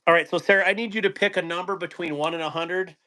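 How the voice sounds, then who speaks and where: A man's voice: high voice, fairly even intonation, fast talker, pushed and bright. A man hosting a casual livestream chat, laughing often and reading viewer comments aloud. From Wyoming. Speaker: host.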